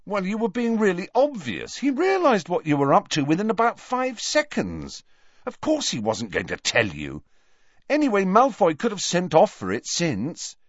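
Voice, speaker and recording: A man's voice: sits high, wildly swooping pitch, normal speed, no room sound, pitched above the performer's own voice, exaggerated voice. A man doing a sarcastic teenage boy who grumbles and mutters his digs. The sound is dry and a touch dull.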